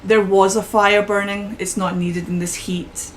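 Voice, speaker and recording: A woman narrating a tabletop game as game master, painting scenes at an unhurried pace with frequent restarts. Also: medium pitch, little pitch movement, a little hiss or hum, poor audio.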